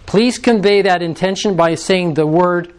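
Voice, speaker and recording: A man's voice: high-pitched, a little slow, smooth. A man presenting an interactive workshop, often checking in with the audience. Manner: coaxing, prompts the audience often.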